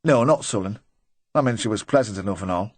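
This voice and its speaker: A nervous, rambling middle-aged van driver, voiced by a male audiobook reader, eager to please and quick to crack a weak joke. The voice sits low and close, recorded dry with no room around it. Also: dry recording, lightly acted. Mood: chatty, uneasy.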